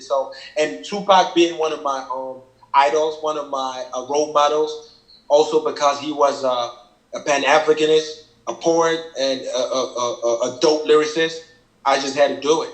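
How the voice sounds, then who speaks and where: Male rapper from Cameroon, relaxed, repeats himself; bit high-pitched, roomy echo. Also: normal speed. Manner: laid-back, repeats and restarts phrases. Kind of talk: casual reaction interview. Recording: echoey room with faint music.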